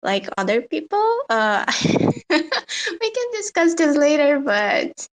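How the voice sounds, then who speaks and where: Woman, slow, hesitant, giggly, casual chat. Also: high-pitched, big pitch swings. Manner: hesitant, giggly, lots of fillers. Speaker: guest speaker in a live audio room.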